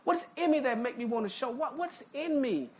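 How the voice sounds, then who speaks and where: Brief: woman preacher, higher voice, emphatic folksy sermon delivery, faint hiss behind. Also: lively intonation, a little fast. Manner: emphatic, repeats words and stammers into restarts; folksy, informal speech with jokes. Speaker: pastor. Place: church sanctuary.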